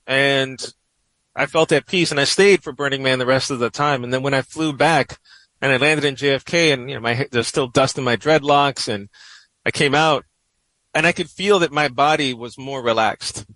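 A professor and writer being interviewed, this middle-aged man reflects on a personal story in a New York accent, filling it with plenty of "you know." His mid-range voice is a bit bright; the recording is low quality with no echo.

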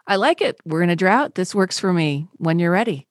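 A woman's voice: fairly low pitch, expressive, brisk, dry recording, studio quality. A woman hosting a radio show, chatting with her guests in an upbeat way. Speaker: radio host. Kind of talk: casual radio interview.

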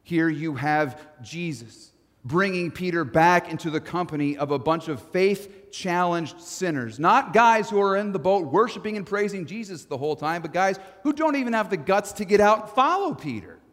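A man preaching a sermon as pastor, swinging from loud to hushed. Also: high-pitched, lively intonation, moderate pace. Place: church sanctuary. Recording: long church reverb.

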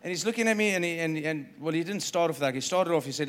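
Pastor guy preaching, pretty high voice, punchy and repeats himself a lot. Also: fast talker, few pauses. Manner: emphatic, repeats phrases, acts out quoted dialogue. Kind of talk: sermon.

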